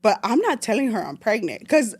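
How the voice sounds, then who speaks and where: A woman in her late twenties from El Salvador, telling a personal story as a podcast guest in an animated, slangy way, slipping Spanish phrases into her English. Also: on the high side, brisk, slightly rough. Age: late 20s. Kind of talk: casual storytelling chat.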